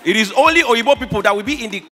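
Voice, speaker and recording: Nigerian stand-up comic, high bright voice, animated shouting delivery, faint music behind. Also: male voice, very fast. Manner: animated, shouting punchlines, mimicking squealing fans. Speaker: stand-up comedian. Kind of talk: stand-up comedy. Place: awards show stage.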